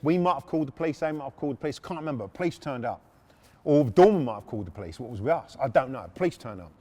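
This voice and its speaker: Middle-aged man, podcast storyteller, swings pitch all over, slightly high voice, sweary. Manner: animated, sweary, self-mocking. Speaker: podcast host. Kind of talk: storytelling monologue.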